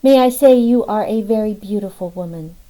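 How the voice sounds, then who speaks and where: A woman's voice: mid-range voice, fairly quick, dark tone, voice pushed up, close to an everyday voice, rough recording. A woman voicing a lecherous middle-aged male preacher who talks in a syrupy way full of pet names, in an audiobook.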